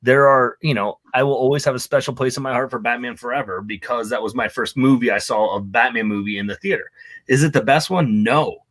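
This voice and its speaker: A man's voice: medium pitch, a little fast, a bit bright, dry recording. A man co-hosting a casual movie discussion, opinionated and full of fillers like "like" and "you know".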